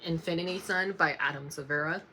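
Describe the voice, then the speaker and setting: A young woman reading off a list of books in a casual vlog, slow and unhurried, often apologizing with a soft laugh. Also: sits low, a little hiss or hum. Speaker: book vlogger.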